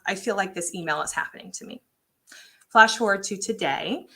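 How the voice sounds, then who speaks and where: A woman in her forties, a tech integration specialist, telling an animated story in a casual panel chat and acting out the quotes. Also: mid-range voice, normal speed.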